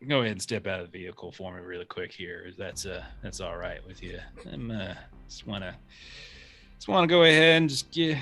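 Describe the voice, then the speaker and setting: A man playing a suspicious small-town male deputy who talks in a slow, folksy, hesitant drawl. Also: deep voice, fairly bright tone, voice pushed down.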